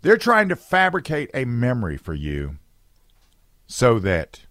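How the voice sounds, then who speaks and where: A man hosting a political talk radio show, talking emphatically with loud bursts, low asides and many restarts. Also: huge pitch swings, measured pace, no room sound, studio quality.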